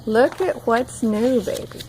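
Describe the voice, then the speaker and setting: A mother at home reading a picture book aloud to her toddler, gently coaxing and prompting the child along. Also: on the high side, slow, slight background noise, low-quality recording.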